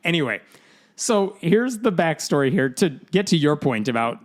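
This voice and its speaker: Male podcast host, slightly high voice, lively sarcastic storyteller. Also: moderate pace. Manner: animated storytelling with sarcastic asides. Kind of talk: casual podcast chat.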